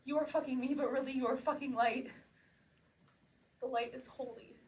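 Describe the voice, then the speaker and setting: A young woman playing a haunted, pleading character in a theatrical stage monologue, her voice breaking into tears and shouts. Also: high voice, steady tone, normal speed, highs cut off, slight background noise. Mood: dazed. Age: young adult. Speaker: stage actor. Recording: distant live stage recording.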